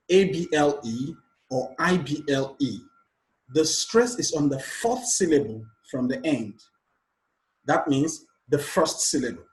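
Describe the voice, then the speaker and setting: Man, teacher, exam revision lesson, patient step-by-step counting, slightly raised pitch, echoey room. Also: a little mellow. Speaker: English teacher.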